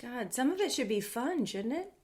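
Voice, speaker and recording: Expressive woman host, lively pitch. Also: moderate pace. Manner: reactive, expressive interjections. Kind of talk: interview chat.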